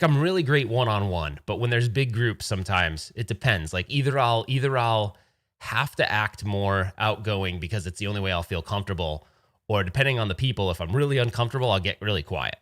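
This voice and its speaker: A man's voice: lowish voice, fairly bright tone. A man from Rhode Island hosting a casual livestream chat, telling rambling, digressive stories. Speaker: host.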